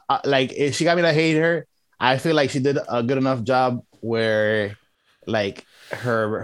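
A low-voiced man talks through his take in a casual movie review chat. He hesitates and restarts often, and the sound is dry and close. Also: dry recording. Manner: hesitant, many restarts and fillers. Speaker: podcast co-host.

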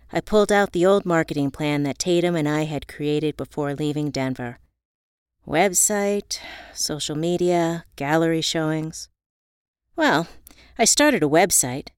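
A woman narrates a first-person audiobook in a calm, even way. Her voice is smooth and fairly low, and the recording is dry and close with no room sound. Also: dry recording.

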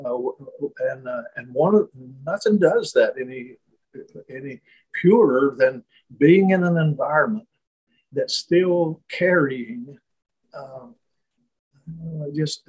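A man speaking as a guest, telling a reflective story in conversation, halting and restarting often. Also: a little high, husky, rough recording. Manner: slow, halting, many restarts and fillers.

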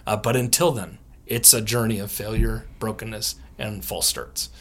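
A man, a theologian and author, answering podcast interview questions with lively storytelling, often laughing and acting out what others said. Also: fairly low pitch, moderate pace. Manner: animated, laughs often, acts out quotes.

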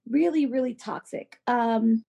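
A woman co-hosting a podcast in casual chat, animated and filler-heavy, acting out quoted voices. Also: a little high, measured pace, gravelly. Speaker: podcast co-host.

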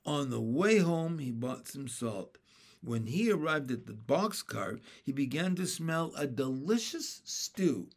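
A man reading a children's chapter book aloud in a steady, plain storybook narration. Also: mid-range voice, slow.

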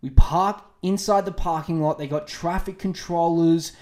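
A man's voice: a little high, measured pace. Crude storytelling man, roomy sound. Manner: crude, animated, acts out quotes in raised voices. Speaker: podcast host. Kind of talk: casual storytelling monologue. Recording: roomy echo.

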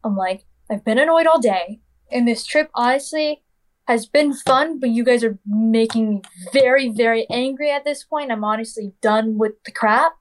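A woman's voice: fairly high pitch, normal speed. A young woman telling a personal story in a casual, chatty way, full of "like" and "literally", acting out what people said. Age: young adult. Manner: acts out quoted dialogue.

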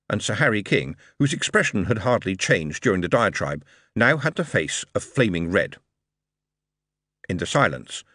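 A man narrating an audiobook in measured, expressive storytelling. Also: low-pitched, no room sound, studio quality. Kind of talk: scripted narration.

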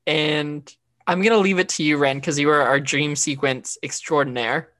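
A woman's voice: sits low, steady tone, normal speed, a bit bright. A woman co-hosting a podcast, recapping an episode in casual chat with lots of fillers and restarts. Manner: chatty, frequent fillers and restarts. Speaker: podcast co-host.

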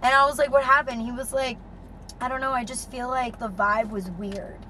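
A young woman telling a dating story as a podcast co-host, animated and swearing freely, with lots of "like". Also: fairly high pitch, normal speed, slight background noise. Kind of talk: casual storytelling chat.

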